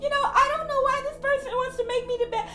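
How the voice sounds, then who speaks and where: A woman's voice: extremely high pitch, fairly even intonation, fast, sharp tone, roomy sound, pitched above the performer's own voice. A woman voicing an ashamed, self-pitying woman who whines like a victim and breaks into tearful laughs. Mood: whiny, tearful.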